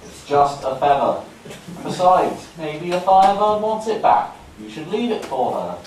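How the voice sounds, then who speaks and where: A man's voice: fairly high pitch, big pitch swings, measured pace, a little mellow, a little hiss or hum. A man playing a dry, teasing talking horse in a school stage play, recorded from far off in an echoey hall. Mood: sensible. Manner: dry, teasing, full of wordplay. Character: wry talking two-legged horse, cautious and dry.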